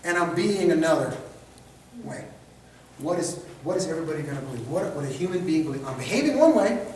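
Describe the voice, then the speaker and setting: A man with a high-ish, darkish voice teaches a de-escalation training class, speaking fairly quickly and very animatedly. He acts out examples in mocking voices. The recording is echoey and distant, with slight background noise.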